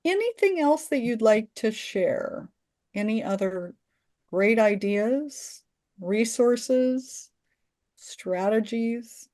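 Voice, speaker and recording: A woman's voice: on the high side, lively intonation, slow pace, darkish tone. A woman leading a video-call training session, chatting enthusiastically with participants. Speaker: workshop trainer. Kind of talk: casual group discussion.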